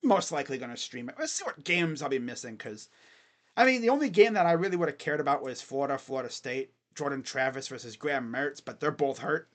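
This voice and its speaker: A man's voice: medium pitch, expressive, fast talker. A man streaming casual college football chat, thinking aloud and rambling with fillers and restarts. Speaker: sports streamer.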